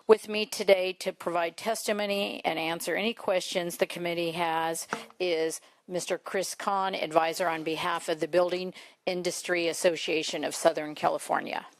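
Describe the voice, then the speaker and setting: A woman legislator formally presenting a bill to a committee, reading prepared remarks in a measured way with occasional fillers. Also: on the low side, no room sound.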